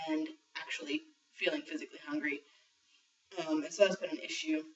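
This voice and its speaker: A young trans man vlogs a transition diary, rambling casually with many ums and the occasional swear word. His voice is on the high side, expressive and fairly bright at normal speed, captured by a built-in camera mic as muffled, lo-fi audio from a distance.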